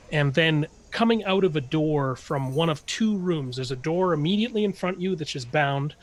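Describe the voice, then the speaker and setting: Man narrating a tabletop game. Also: fairly high pitch. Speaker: game master.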